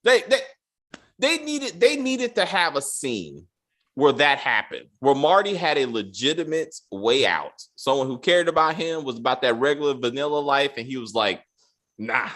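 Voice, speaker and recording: A man hosting a casual review chat, animated and acting out characters' lines as he talks. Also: medium pitch, moderate pace. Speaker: podcast host.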